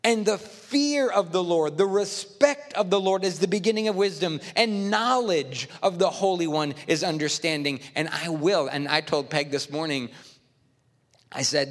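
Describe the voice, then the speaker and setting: Pastor, male, high voice, emphatic storytelling sermon with a long hall echo. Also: moderate pace. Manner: emphatic storytelling, quoting himself.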